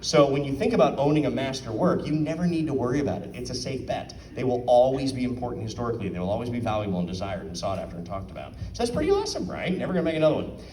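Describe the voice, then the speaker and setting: A man's voice: mid-range voice, very animated, rapid-fire, mellow, far from the mic, a little hiss or hum. A man giving a casual talk at an art auction, asking his audience questions and acting out quotes. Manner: chatty, asks the audience questions, acts out quotes. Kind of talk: casual presentation to a live audience. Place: room with an audience. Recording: roomy sound from off the mic.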